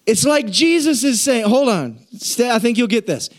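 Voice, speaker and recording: A man preaching a sermon in a church, energetic and playful, calling out to the congregation. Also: very high voice, moderate pace. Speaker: pastor.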